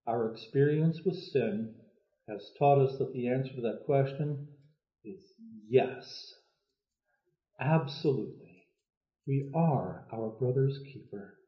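Male preacher giving a thoughtful, paused sermon; echoey and lo-fi. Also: medium pitch, expressive. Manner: measured, thoughtful storytelling with many pauses. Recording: echoey, phone-like lo-fi sound.

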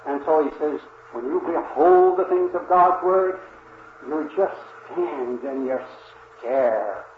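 An older man preaching a sermon in an earnest, reverent manner, speaking slowly and often pausing with "uh" to address his listeners as dear friends. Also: mid-range voice. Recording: dull roomy old recording with faint hiss.

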